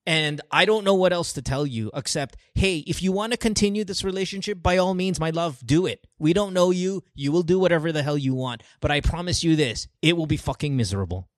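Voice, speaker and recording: A man hosting an advice show, blunt and profane, heated and quick to apologize. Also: on the high side, dry recording, clean studio sound. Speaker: podcast host giving advice to callers.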